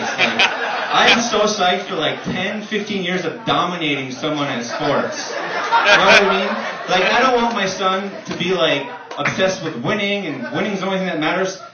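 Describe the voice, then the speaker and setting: A young man doing a stand-up comedy set on a club stage, swearing a lot and telling stories in an animated way, with audience laughter behind him. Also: mid-range voice. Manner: profane, animated, fast storytelling. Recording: far-off roomy muffled audio with background noise.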